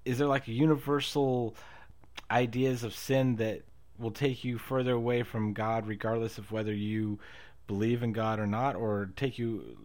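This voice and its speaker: A man's voice: medium pitch, fairly even intonation, moderate pace, darkish tone. Man thinking aloud in casual chat. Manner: thinks aloud with many fillers and restarts, laughs often. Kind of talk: casual conversation.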